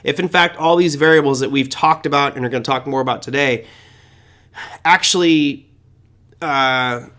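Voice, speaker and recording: A man's voice: medium pitch, normal speed, pauses often, sharp tone. A man hosting a trading show, walking through charts in casual, emphatic live market commentary with exclamations and asides.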